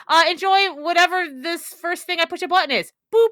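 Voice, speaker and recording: A woman's voice: very high voice, fairly quick, few pauses, fairly bright tone, no room sound. A woman playing a tabletop game in character as a radio host, frantic, flustered and dramatic.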